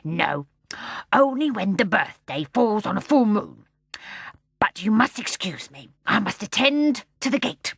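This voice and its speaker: A woman voicing a big, kindly male bear gatekeeper with a deep, gruff voice and a slow, measured way of talking. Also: big pitch swings, a bit bright, no room sound, full character voice. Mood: gruff, genial.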